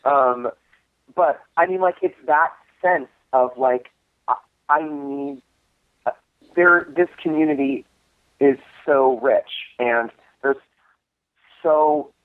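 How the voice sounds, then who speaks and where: This co-host of a cult film screening series speaks slowly and pauses a lot while spinning a long tale in a casual interview, restarting and using fillers throughout. His voice sits at a medium pitch, there's no room sound, and the recording has a tinny, telephone quality.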